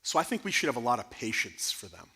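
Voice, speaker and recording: A man speaking as guest speaker at a church conference, answering audience questions in an earnest, animated way. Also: medium pitch, quick pace, breathy edge. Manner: earnest, animated, rising to emphatic bursts. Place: church sanctuary.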